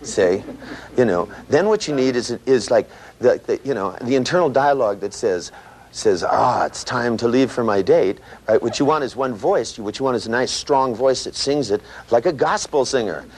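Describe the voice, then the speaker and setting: A man giving a live seminar lecture, animated and profane, full of "you know" and "right", acting out sounds with his voice. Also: medium pitch, normal speed, husky. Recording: noisy old tape recording with clicks.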